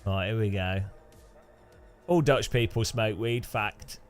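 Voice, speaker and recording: A man's voice: on the low side, takes it slowly, faint music behind. A man hosting a casual sim racing gameplay commentary, rambling and joking and laughing often between thoughts. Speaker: sim racing channel host.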